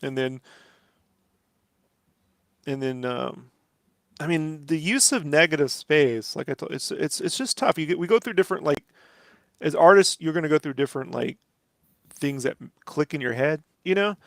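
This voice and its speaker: While he inks, a comic artist talks in a loose, rambling way, full of "like" and "you know" fillers and the odd casual swear. His voice is on the high side and gravelly, at normal speed with frequent pauses, captured in studio quality with no echo.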